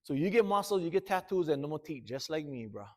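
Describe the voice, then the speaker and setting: A man's voice: a little high, big pitch swings, fast talker. Earnest man. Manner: earnest, plain-spoken, repeats "bro". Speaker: motivational speaker. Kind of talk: storytelling talk to students. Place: school.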